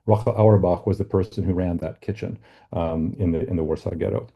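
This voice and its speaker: A middle-aged man giving an academic book talk with slides, speaking haltingly with many fillers and repeated words. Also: low-pitched, fairly even intonation, vocal fry, slightly rough, muffled recording.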